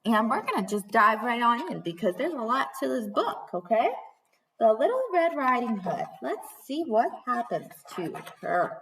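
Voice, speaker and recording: A woman teacher in her thirties reading a storybook aloud to young children, animated, gasping, calling them friends. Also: a little high, moderate pace, creaky, few pauses, recorded from a distance, a little hiss or hum.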